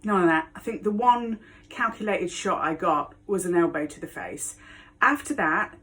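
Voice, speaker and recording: A woman's voice: lowish voice, lively intonation, normal speed, bright, forceful tone. A woman telling a personal story to camera, frank and blunt, often laughing as she speaks. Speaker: vlogger.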